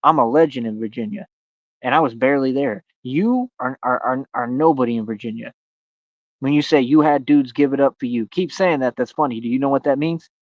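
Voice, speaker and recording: A man's voice: mid-range voice, a little fast, no echo. Man, boastful livestream rant; dry, slightly dull lo-fi sound. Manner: boastful, confrontational, calls out rivals. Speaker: streamer. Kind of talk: ranting livestream monologue. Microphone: streaming mic.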